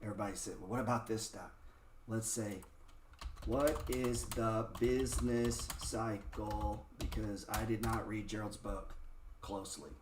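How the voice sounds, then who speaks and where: A man's voice: fairly low pitch, steady tone, unhurried, background noise. A man giving a casual, blunt market lesson over a screen share, swearing often and firing rhetorical questions at viewers. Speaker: trading educator. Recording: roomy echo.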